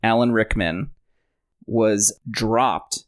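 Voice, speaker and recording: A man hosting a casual movie podcast, sharing trivia in a relaxed, joking way. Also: lowish voice, drawn-out words. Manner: relaxed, shares trivia, jokes around. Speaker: podcast host.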